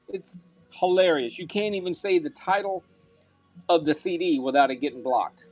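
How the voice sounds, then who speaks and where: A man's voice: high-pitched, animated, normal speed, no room sound, soft background music. A man hosting a live-stream auction, upbeat and thanking buyers by name, sometimes muttering to himself as he handles items.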